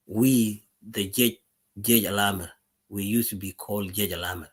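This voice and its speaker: A man's voice: on the low side, steady tone, normal speed, husky. A middle-aged man from South Sudan with a South Sudanese accent, speaking as a war veteran to his followers in a live social media monologue. He talks earnestly and emphatically, often repeating words and restarting his sentences.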